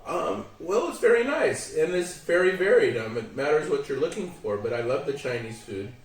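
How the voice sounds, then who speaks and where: Relaxed American man, Western accent. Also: fairly high pitch, normal speed. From San Diego, California. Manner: relaxed, friendly explaining. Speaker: interview guest. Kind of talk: casual interview. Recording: echoey, from a distance.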